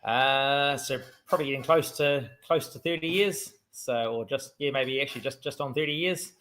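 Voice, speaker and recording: Modest, hesitant middle-aged kiwi driver. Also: male voice, mid-range voice, normal speed, a bit bright. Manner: hesitant, many ums, modest. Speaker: guest race driver. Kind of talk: casual interview.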